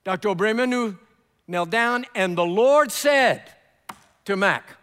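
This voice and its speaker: A man delivers a sermon as a lively story and plays every character in the exchange. His voice sits high and rings bright, and a long reverb from the hall carries around him. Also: unhurried, long pauses. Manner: animated storyteller acting out dialogue. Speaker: preacher.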